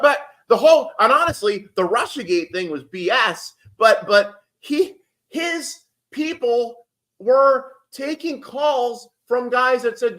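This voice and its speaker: A man's voice: very high voice, bright, forceful tone. A man giving rambling, heated political commentary on a casual livestream, swearing and restarting often.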